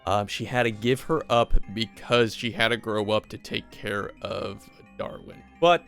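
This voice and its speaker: A man's voice: on the low side, a little slow, gravelly, fairly bright tone, faint music behind. A man casually recapping a movie with profane, rambling enthusiasm.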